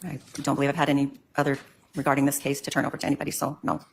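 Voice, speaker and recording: A woman's voice: extremely low pitch, monotone, racing, vocal fry, a little hiss or hum. An older woman giving court testimony, answering hesitantly with many ums. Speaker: witness in court.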